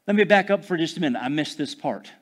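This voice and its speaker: A man preaches with a voice that sits a little high for a man and climbs into loud proclamations before dropping to a hush. He stretches key phrases slowly and keeps calling out to his congregation for an answer. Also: animated. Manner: dramatic swings from loud preaching to hushed, drawn-out phrases; calls out for congregation responses. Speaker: pastor. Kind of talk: sermon.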